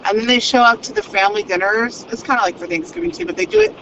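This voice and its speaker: A woman vlogging while she drives, talking in a fast, crude and unfiltered stream. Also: a little high, big pitch swings. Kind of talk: rambling monologue while driving. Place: inside a car in traffic. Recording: dull lo-fi car recording with road noise. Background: traffic noise.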